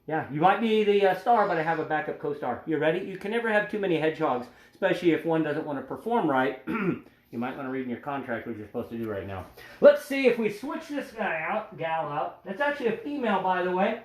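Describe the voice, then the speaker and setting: A man's voice: sits high, a bit bright. A man hosting an educational animal show, chatting playfully and cracking jokes as he handles the animals. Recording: roomy echo.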